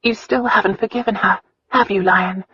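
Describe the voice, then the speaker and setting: A woman's voice: mid-range voice, fairly even intonation, normal speed, highs cut off, slight background noise, voice pushed up, close to an everyday voice. A woman reading an audiobook, voicing an earnest, defiant young noblewoman who pleads and bristles by turns. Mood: earnest pleading. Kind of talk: audiobook dialogue.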